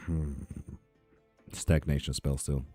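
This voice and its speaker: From his apartment, a man hosts a live tarot stream, casually reading viewer comments with sarcastic, profane humor and laughing often. His voice is extremely low, level and dark, and he speaks slowly. Soft music plays in the background.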